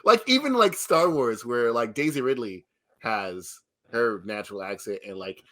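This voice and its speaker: A man's voice: mid-range voice, expressive, moderate pace, a bit bright. A man co-hosting a podcast, chatting casually and laughing often between jokes. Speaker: podcast co-host. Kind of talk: casual chat.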